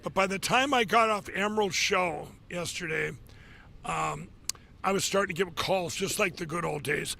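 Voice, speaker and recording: A middle-aged man hosting a live show from his office, rambling casually with many fillers and restarts, getting excited as he talks. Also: high-pitched, moderate pace, gravelly. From Minnesota. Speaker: show host. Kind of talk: casual live monologue with ad pitches.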